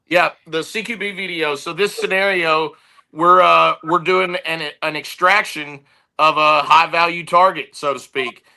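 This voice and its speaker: A man who heads a security firm, talking casually as a podcast guest. His voice is very bright and forceful and sits slightly high. He tells stories in an easygoing, energetic way. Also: a little slow, rough recording.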